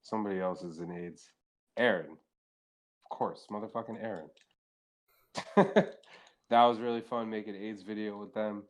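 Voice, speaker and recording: Young male podcast guest, lowish voice, casual profane storyteller. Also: fairly even intonation, normal speed, long pauses, a little hiss or hum. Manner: rambling, profane, heavy use of filler "like".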